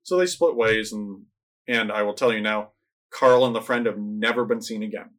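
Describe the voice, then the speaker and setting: A man with a lowish voice talks at a normal speed, co-hosting a podcast that reviews movies. In casual chat he rambles through film plots, retelling them with animation and acting out lines.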